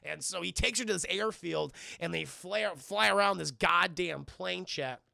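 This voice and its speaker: A man's voice: high voice, moderate pace, gravelly, pushed and bright, dry recording, studio quality. A man streaming a casual, profane spoiler recap of a film and rambling to his live chat.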